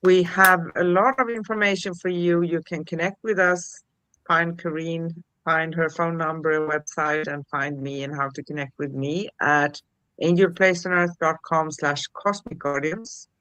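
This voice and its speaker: Bright-voiced woman, slow and soothing. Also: low voice, fairly even intonation, smooth, no echo, rough recording. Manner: gentle, soothing, reads affirmations slowly. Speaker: co-host. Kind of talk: spiritual livestream chat.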